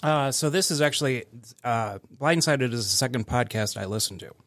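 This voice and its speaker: A man's voice: mid-range voice, normal speed, fairly bright tone, dry recording. Easygoing male podcast guest, dry sound. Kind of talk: casual chat.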